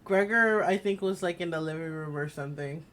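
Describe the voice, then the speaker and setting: A woman's voice: sits low, a little fast, fairly bright tone. A woman streaming a game, chatting casually, rambling through stories and laughing often.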